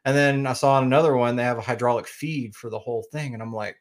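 A man's voice: mid-range voice, fairly even intonation, fast talker. A man from Oklahoma with a slight Oklahoma accent, a podcast guest chatting casually and rambling with many fillers and restarts. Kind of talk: casual interview chat.

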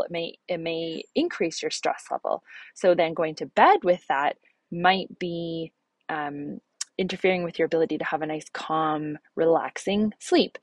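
A middle-aged woman giving a casual instructional talk about habits and nutrition, earnest and animated, speeding up and slowing down as she makes her points. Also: on the low side, no room sound. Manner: earnest, animated, with bursts of faster and slower phrasing.

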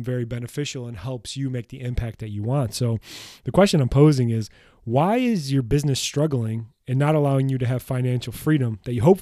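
A man's voice: mid-range voice, dark tone, dry recording, studio quality. A man hosting a solo podcast, talking bluntly and emphatically in a motivational way, with casual swearing. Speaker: podcast host.

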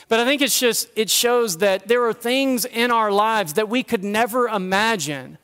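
Pastor, male, high-pitched, chatty and self-mocking, then low and earnest. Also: in a large hall. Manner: conversational, self-deprecating humor, drops to a quiet earnest tone. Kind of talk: sermon. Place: church sanctuary.

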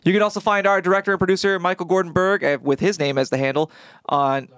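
A man co-hosting a podcast, talking in an animated way, blurting out pop culture references and swearing casually. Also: sits high, fast talker, clean tone, no echo. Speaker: podcast co-host and actor. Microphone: studio podcast microphone.

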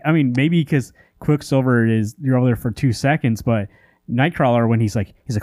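A man's voice: medium pitch, a little fast, darkish tone, no echo, clean studio sound. A man co-hosting a podcast in casual chat, rambling with lots of fillers and restarts while he rants in exasperation. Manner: exasperated ranting. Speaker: comic book podcast co-host.

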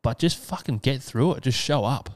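A man's voice: medium pitch, moderate pace, no room sound. An Australian man hosting a solo podcast, talking casually and earnestly, swearing freely. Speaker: podcast host.

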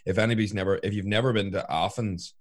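A man's voice: on the low side, steady tone, quick pace, no room sound, clean studio sound. A young man co-hosting a podcast, chatting casually in a rambling way, swearing and saying "like" a lot. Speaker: podcast co-host. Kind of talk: casual chat.

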